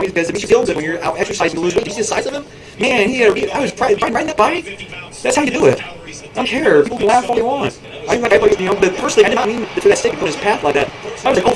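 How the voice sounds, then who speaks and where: A man's voice: high voice, poor audio. A man streaming, rambling through stories in a casual monologue, often laughing and mimicking others.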